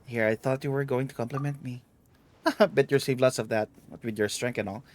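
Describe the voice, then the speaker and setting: A man's voice: medium pitch, steady tone, fairly quick, close to an everyday voice. A man reading the lines of a teasing, vain aging female treasure hunter aloud while streaming a game.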